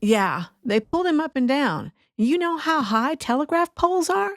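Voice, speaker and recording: A woman hosting a history podcast, telling an old outlaw story in a steady way with wry asides. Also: sits high, moderate pace, no room sound. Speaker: podcast host.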